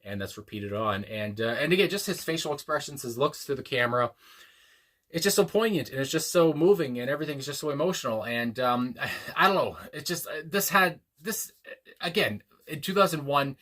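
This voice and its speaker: A man hosting a music reaction video, talking casually and reflectively with many pauses and fillers, reading lyrics aloud slowly. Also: on the high side, expressive, pushed and bright. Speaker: music reaction channel host. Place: home room, a dog nearby.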